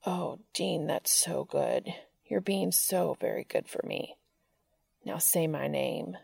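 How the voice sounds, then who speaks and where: Woman voicing a soft, commanding young man. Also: low-pitched, lively intonation, a little slow, vocal fry, husky, no room sound, full character voice. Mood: low coaxing. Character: dominant young man, tender and teasing.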